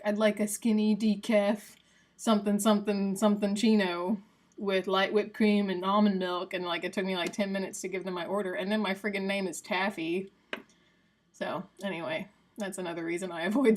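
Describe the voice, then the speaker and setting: Chatty woman streamer, mid-range voice. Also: medium pitch. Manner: chatty and rambling, answers viewers by name; coos softly to her cat. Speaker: live streamer. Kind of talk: casual chat with a live audience.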